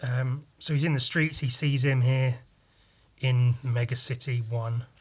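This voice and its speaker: A young man talks casually on his podcast in an ordinary mid-range voice, loose and rambling. He hesitates often with ums and acts out scenes with quick sound effects. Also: mid-range voice, flat delivery. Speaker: podcast host. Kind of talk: casual chat about his own artwork.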